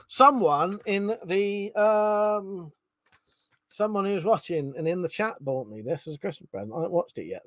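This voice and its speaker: A man's voice: sits high, a little mellow, no room sound. A man chatting casually on a live stream, reading out chat messages and swearing freely.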